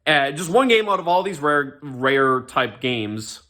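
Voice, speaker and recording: A man's voice: a little high, very animated, a little slow, bright, forceful tone. A young man ranting in casual commentary, sarcastic and profane, mocking with lots of fillers and restarts. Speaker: commentary ranter.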